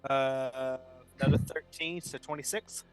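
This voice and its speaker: A man's voice: medium pitch, steady tone, a little slow, soft background music. A man playing a rogue in a tabletop game, talking through his moves step by step. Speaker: player. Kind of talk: casual tabletop game play.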